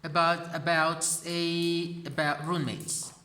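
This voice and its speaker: A man's voice: a little high, level tone, slow, pushed and bright. A man teaching an English class, asking his students questions and often restarting his sentences. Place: classroom, indoors. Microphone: far camera. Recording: very echoey classroom, far from mic.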